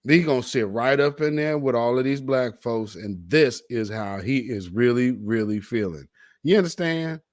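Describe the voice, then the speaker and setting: A man's voice: mid-range voice, expressive, normal speed. A man hosting a commentary show, reacting to video clips in an emphatic, preachy way and drawing out the words he stresses. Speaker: commentary host.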